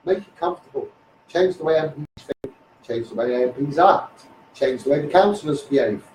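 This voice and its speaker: A man's voice: fairly high pitch, lively intonation, brisk, darkish tone, roomy sound, recorded from a distance, slight background noise, low-quality recording. A middle-aged man with a Liverpool accent, ranting bluntly at officials on a live stream and swearing as he goes. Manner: blunt, combative, swearing, addressing officials directly. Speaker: social media campaigner. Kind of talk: angry Facebook Live rant.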